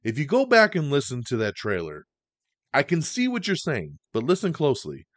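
A man's voice: on the high side, huge pitch swings, moderate pace, a bit bright, no echo. A man hosting a podcast, giving a casual, enthusiastic, slangy run through entertainment news. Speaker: podcast host.

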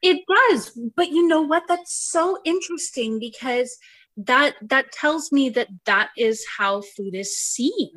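A woman in her thirties co-hosts a podcast, her voice sitting high with a fairly bright tone and a slow pace. She chats casually, laughing often and using plenty of fillers.

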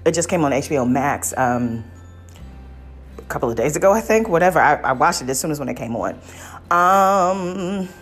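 A woman hosts a solo podcast with a notably low voice. She reviews a movie in a loose, rambling way, stopping for ums and restarts. Her opinions come out blunt and exasperated over faint music. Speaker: podcast host.

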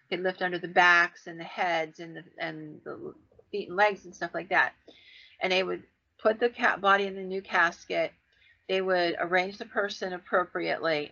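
A woman podcast host telling stories in a casual, animated way, acting out the people she quotes. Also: creaky. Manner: animated, acts out quoted voices with big pitch jumps. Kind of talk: casual storytelling. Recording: dull lo-fi sound.

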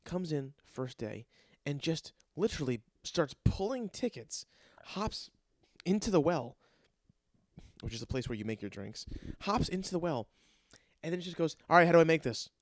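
A man's voice: a little high, very animated, unhurried, pauses often, a little mellow, no room sound. A young adult man, a bartender, ranting in a casual, exasperated and profane way. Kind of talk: casual rant.

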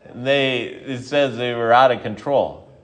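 A male pastor giving a sermon, reading scripture, then telling a story in a relaxed, conversational way with frequent restarts. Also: medium pitch, measured pace.

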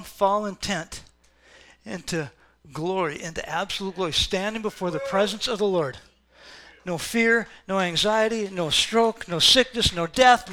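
A pastor delivering a sermon, swinging between quiet, reflective passages and loud, fervent exhortation to the congregation. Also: male voice, high-pitched, a little hiss or hum.

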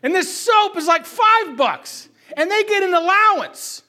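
A man in his thirties, a father, telling a family anecdote in a casual, animated way and often asking "right?". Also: very high voice, measured pace.

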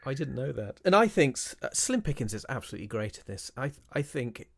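A man co-hosting a casual film chat, giving animated opinions with quick asides. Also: medium pitch, creaky, slightly rough.

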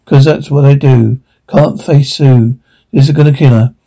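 Brief: a cartoon blue-collar dad, gravelly and mellow, profane ranting with self-pity. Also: male voice, medium pitch, steady tone, measured pace. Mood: despairing. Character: blue-collar father, broke and bitter. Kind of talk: animated comedy voice acting.

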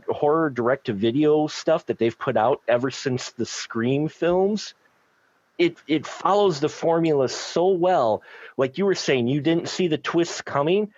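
A man's voice: a little high, dry recording. A man on a podcast panel explains his opinion of a film in a rambling, emphatic way, restarting often. The recording is dry, with no room sound. It is also muffled and lo-fi. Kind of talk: casual film review chat.

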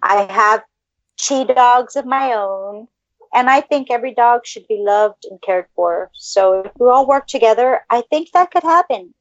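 High-voiced gushing woman podcast host. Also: expressive, unhurried, dry recording. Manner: gushing, effusive baby talk to pets. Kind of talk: casual chat. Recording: dull lo-fi dry sound.

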